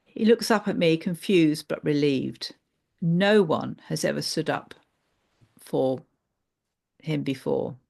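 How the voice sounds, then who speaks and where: A woman voicing an adult male therapy client, who recalls things slowly and haltingly. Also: low-pitched, gravelly, darkish tone, heavily acted. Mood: protective.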